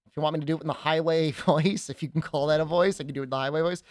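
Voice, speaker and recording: A man's voice: on the high side, fairly even intonation, racing, dry recording, studio quality. A young adult man streaming a video game, chatting casually and joking back at his chat. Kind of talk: casual chat while gaming.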